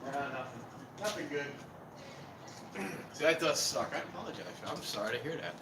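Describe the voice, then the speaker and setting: A man rambles in a loose, casual chat with his viewers, easily drifting from one thought to the next. He is outside near a train station. Clear street noise runs behind his voice. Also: on the high side, expressive, moderate pace. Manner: rambling, talks to viewers while walking about. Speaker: vlogger. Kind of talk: casual live-stream chat.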